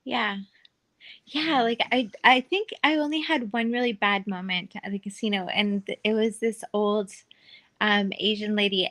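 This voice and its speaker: A woman with a medium-pitched, sharp voice guests on a podcast, sharing casual stories from her past as a casino dealer. She chats freely, leaning on fillers and laughing often.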